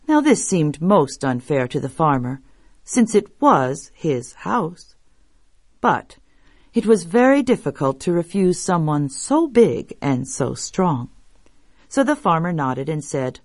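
A woman reading folktales aloud as a storyteller, measured and expressive. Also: low-pitched, no room sound, studio quality. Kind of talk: scripted narration of folktales.

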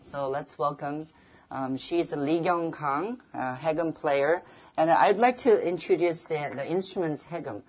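Woman, English, music lecturer, halting with many fillers, slow, low voice. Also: a little mellow. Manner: halting, many fillers and restarts, sings short melodic examples. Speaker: music lecturer presenting a performer. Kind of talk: live lecture-demonstration.

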